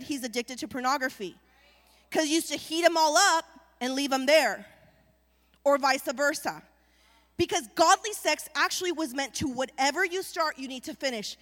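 In a large church sanctuary with long reverb, a woman pastor preaches an animated sermon in a high voice. She keeps calling on the congregation to respond.

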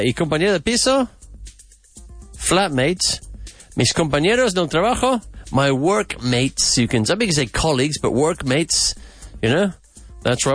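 A man hosting a podcast vocabulary lesson, repeating words slowly and with emphasis. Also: a little high. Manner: slow, emphatic repetition of words. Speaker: English teacher and podcast host.

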